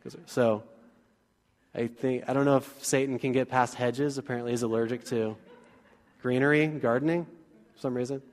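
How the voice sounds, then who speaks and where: A man preaching a sermon as pastor, casual and joking, rising to energetic bursts. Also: medium pitch, moderate pace, pauses often. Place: church sanctuary. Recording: long church reverb.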